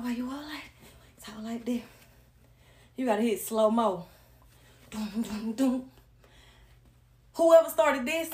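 A woman's voice: on the high side, darkish tone, roomy sound, a little hiss or hum. A woman in a brash, profane, bossy rant, talking through a dance demonstration. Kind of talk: casual rant and dance demo.

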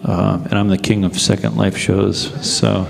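A man speaking casually as a guest on a convention panel, relaxed and hesitant with many fillers. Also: fairly low pitch, measured pace, creaky. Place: large convention hall. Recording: reverberant convention hall PA.

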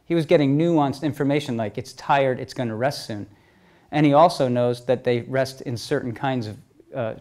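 A middle-aged man telling a story at a talk, lively, moving between loud and soft passages. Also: medium pitch. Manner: lively storyteller, swings loud and soft, acts out quoted voices. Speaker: speaker telling stories at a talk.

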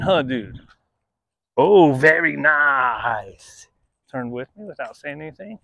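A man training his dog, praising it in high sing-song bursts and then dropping to quiet explanatory asides. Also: sing-song, slow pace, creaky, dry recording.

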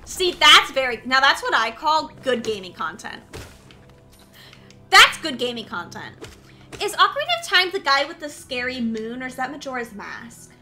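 Woman streamer, silly and animated, high pitch, casual gaming chat. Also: a little fast, hardly any pauses, faint music behind. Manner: playful, silly, talks to chat.

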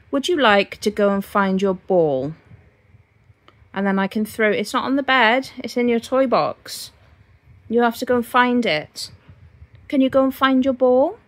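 A woman vlogging about crochet in a casual, rambling way, often talking sing-song to her dogs. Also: fairly high pitch. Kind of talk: casual chat to camera.

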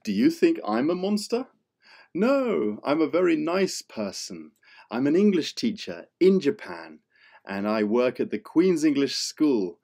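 A man's voice: mid-range voice, big pitch swings, unhurried, warm tone. A man who is an English teacher reading a story to children in a playful, exaggerated way.

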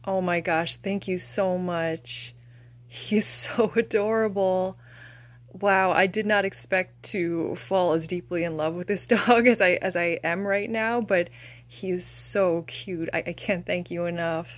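A young woman gushing softly as she unboxes plush toys, with breathy exclamations and a casual, fond way of talking. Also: lowish voice, measured pace.

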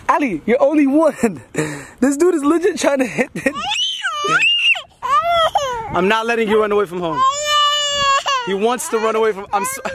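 A young man vlogs to a handheld camera in an exasperated, slangy way, his voice swinging widely in pitch. The sound is roomy and echoey, with loud noise running underneath. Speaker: vlogger. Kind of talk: casual vlog to camera. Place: at home and out in a garden.

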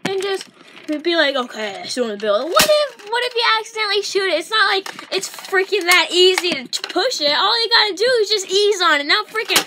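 A woman's voice: very high-pitched, animated, brisk, noisy background. A woman vlogger ranting to camera in a frustrated, insulting way and swearing mildly. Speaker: gaming vlogger. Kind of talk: angry rant to camera.

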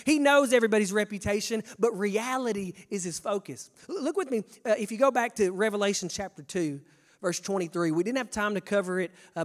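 Animated high-voiced Kentucky pastor. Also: male voice. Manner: folksy, animated, addresses the congregation directly. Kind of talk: sermon.

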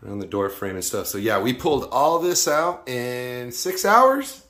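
A man's voice: medium pitch, very animated, moderate pace. A man casually filming a demolition job, touring the gutted rooms and joking as he goes. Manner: jokey, laughs often, exclaims loudly. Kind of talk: casual vlog walkthrough. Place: inside a gutted house. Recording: echoey empty room, faint ambience.

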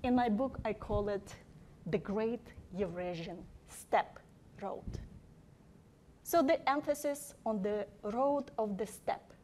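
Slow, emphatic woman lecturer. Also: mid-range voice, warm tone, slight background noise. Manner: deliberate, emphatic, rhetorical questions. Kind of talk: academic lecture.

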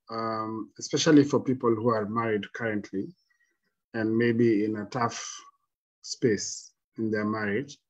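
A man speaking as a panel guest, giving reflective advice in a measured, halting way with frequent restarts. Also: fairly low pitch, lo-fi sound.

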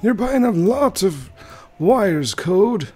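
A formal, deferential male servant with a put-on accent, addressing his listener as sir, voiced by a man. The voice sits far above the performer's own low register. Faint music plays underneath. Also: big pitch swings, slow, darkish tone, husky, exaggerated voice. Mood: pleased.

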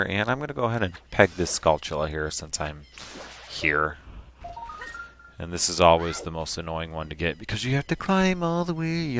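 Man, deep low voice, chatty game commentary, sudden excited yelps, faint background hiss. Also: moderate pace. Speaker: host.

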